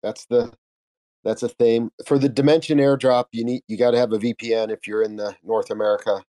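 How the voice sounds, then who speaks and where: A man giving short parting remarks as a guest in a casual chat, speaking haltingly with pauses. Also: mid-range voice, little pitch movement, warm tone. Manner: hesitant, halting.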